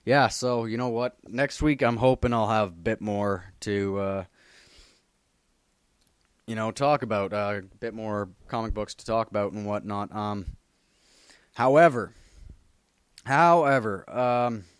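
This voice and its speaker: A man's voice: on the low side, steady tone, unhurried, clean tone, no echo, clean studio sound. A man chatting casually about comics, rambling with heavy swearing and lots of fillers. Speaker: comic book vlogger. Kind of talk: casual chat.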